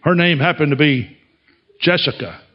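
Man, pastor, sermon, folksy storyteller, chuckles often, slightly high voice. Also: moderate pace, muffled recording.

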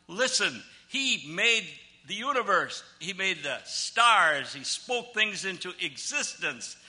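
An older man preaching a sermon, reading scripture slowly and with emphasis, swinging between loud declarations and soft, low asides. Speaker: pastor.

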